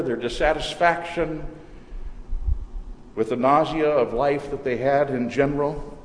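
A pastor delivering a sermon in a measured, earnest way, slowing down to stress key words. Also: male voice, on the high side. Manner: measured, earnest preaching with slowed emphasis. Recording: echoey church hall with long reverb.

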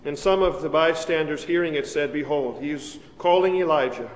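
A man reads the Gospel at a service, slow and solemn, each phrase set down with a steady cadence. His voice sits a little high for a man. The sound rings through a large, reverberant church with a faint room hum behind it. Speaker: deacon reading the Gospel. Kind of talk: liturgical Gospel reading. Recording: echoey church, reverb from far.

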